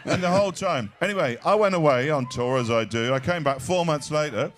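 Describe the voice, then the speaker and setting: A middle-aged man, a comedian guest on stage at a live event, telling long animated anecdotes and acting out other people's voices. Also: fairly high pitch, brisk, hardly any pauses. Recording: echoey live stage sound.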